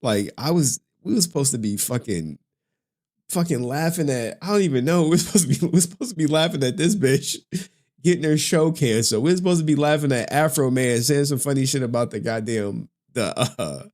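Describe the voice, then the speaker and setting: A man's voice: medium pitch, lively intonation, fairly quick, darkish tone. A man in his forties hosting a casual livestream, swearing often, laughing through his words and getting emotional. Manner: profane, laughing, emotional, slangy. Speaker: livestream host.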